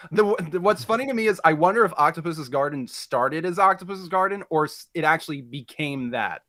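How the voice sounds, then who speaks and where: A man's voice: a little high, animated, fairly quick, bright, forceful tone. A man hosting a casual interview, talking in an easygoing, chatty way. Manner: easygoing, talkative. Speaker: interviewer host.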